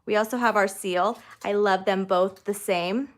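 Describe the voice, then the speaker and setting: A woman's voice: mid-range voice, fairly even intonation, unhurried. Chatty woman demonstrating crafts. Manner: chatty, friendly, greets live viewers while working. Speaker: card-making demonstrator and host. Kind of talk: live crafting tutorial, casual chat. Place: indoor craft room.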